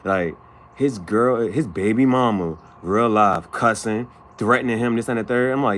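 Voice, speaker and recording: A man's voice: lowish voice, normal speed, a little hiss or hum. A man vlogging in a casual, slangy storytelling chat, acting out the people he talks about. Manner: animated, slangy, acts out quoted people.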